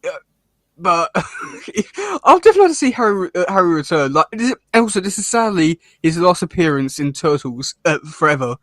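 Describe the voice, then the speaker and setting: A man co-hosting a casual episode review chat, talking in halting bursts with many restarts and fillers and laughing often. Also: high voice, sing-song, a bit bright, no room sound, clean studio sound. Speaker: podcast co-host reviewing a cartoon episode.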